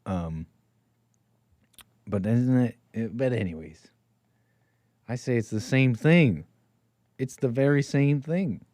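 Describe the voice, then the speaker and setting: Male call-in host, mid pitch, rambling teasing delivery, dry room. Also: takes it slowly, pauses often, no room sound. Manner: rambling, teasing, swings between loud bursts and mumbles. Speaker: host of a call-in livestream show. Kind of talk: casual solo livestream talk to chat.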